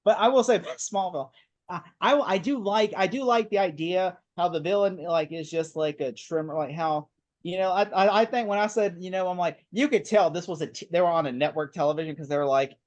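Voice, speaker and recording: A man co-hosting a casual podcast chat, animated and laughing often, swearing freely. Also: high voice, fairly quick, no echo, muffled recording. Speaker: podcast co-host.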